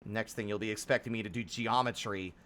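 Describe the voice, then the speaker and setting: A man's voice: fairly low pitch, fairly even intonation, brisk, a bit bright. A man in his thirties streaming live, chatting casually in a profane, self-deprecating, rambling way. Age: 30s.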